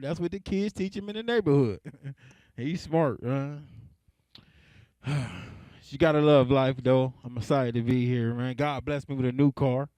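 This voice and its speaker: A man's voice: a little high, unhurried, pauses often, a little mellow, no room sound. Laid-back man doing stand-up, dry close sound. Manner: laid-back, laughs at his own jokes. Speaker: stand-up comedian. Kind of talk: stand-up comedy set.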